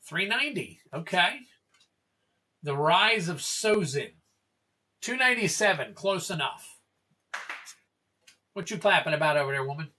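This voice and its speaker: A man's voice: on the high side, very animated, a little slow, long pauses, sharp tone. A man hosting a casual card-opening livestream, chatting freely and reading card names and prices aloud to his viewers.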